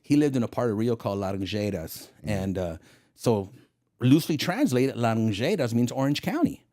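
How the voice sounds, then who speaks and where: Animated middle-aged man telling stories. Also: medium pitch, normal speed. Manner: animated, acts out quoted dialogue. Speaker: guest, retired federal agent. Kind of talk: casual interview storytelling.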